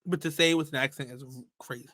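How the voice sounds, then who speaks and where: A man co-hosting a podcast in casual chat, telling stories in a playful, animated way with quick asides. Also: fairly high pitch, dry recording. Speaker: podcast co-host.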